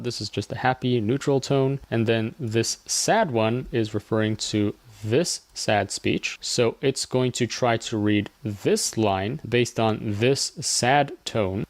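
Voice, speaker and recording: A man hosting a casual software tutorial, explaining each step as he clicks through it. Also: medium pitch, no room sound. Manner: chatty, explains steps as he clicks. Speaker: tutorial host.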